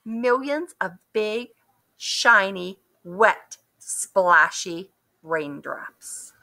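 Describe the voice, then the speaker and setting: A woman reading a children's picture book aloud, expressive and asking the listeners questions. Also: medium pitch, extremely slow, gravelly. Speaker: storybook reader. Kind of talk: children's story read-aloud.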